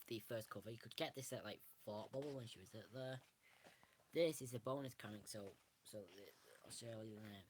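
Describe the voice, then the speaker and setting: A man's voice: mid-range voice, slight background noise. A man, casually showing a book on camera and rambling through it with frequent restarts. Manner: rambling, restarts often, self-correcting. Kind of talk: casual show-and-tell.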